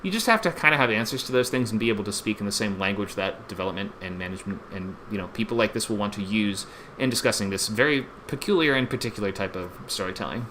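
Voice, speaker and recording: A man's voice: fairly low pitch, fast, bright, forceful tone, a little hiss or hum. A man hosting a live-streamed online screenwriting class, upbeat and chatty and laughing often.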